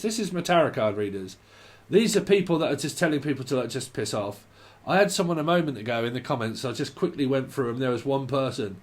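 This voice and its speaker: A man giving a casual, rambling tarot reading, often swearing and laughing. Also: mid-range voice. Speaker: tarot reader.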